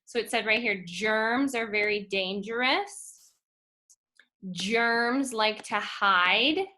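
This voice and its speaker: A woman teaching a phonics lesson to first graders, speaking slowly and clearly and stretching out letter sounds. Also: a little high, sharp tone. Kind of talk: phonics lesson for young children.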